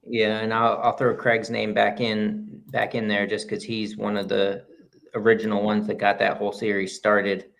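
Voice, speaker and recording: A man's voice: on the low side, monotone, normal speed, creaky, a bit bright. A man co-hosting a running podcast in casual chat, often restarting his sentences, at times reading out prepared text. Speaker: podcast co-host.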